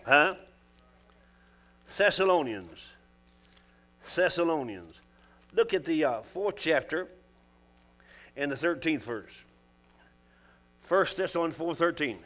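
Folksy older preacher, high and bright. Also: male voice, expressive, slow pace, long pauses. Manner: folksy, preacherly, calls out to the congregation. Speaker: pastor. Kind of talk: sermon. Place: church.

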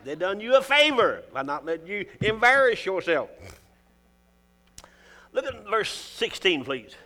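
A man's voice: high voice, very animated, unhurried, sharp tone. A man with a Southern US accent preaching a sermon, folksy and joking, with emphatic calls to the congregation.

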